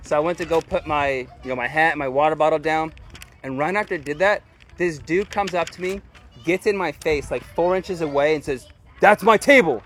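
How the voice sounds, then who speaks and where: Male pastor, easygoing sermon delivery, slangy and conversational, a touch high in pitch. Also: fairly quick, a bit bright, slight background noise. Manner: informal and chatty, heavy use of "like" and "dude".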